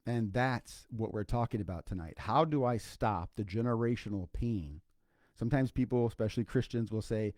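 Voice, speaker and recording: A man's voice: fairly low pitch, normal speed, darkish tone, dry recording, clean studio sound. An older man, a grandfather and psychologist, co-hosting a podcast alone in an informal, earnest livestream talk full of fillers and repeated points. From Iowa, United States. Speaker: podcast co-host, clinical psychologist. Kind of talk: impromptu solo livestream talk.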